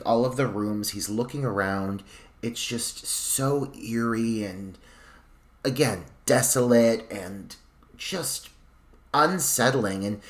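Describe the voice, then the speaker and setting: Animated, profane man co-hosting a horror podcast. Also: medium pitch. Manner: animated, profane, drawn out for effect. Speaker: podcast co-host. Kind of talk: casual film discussion.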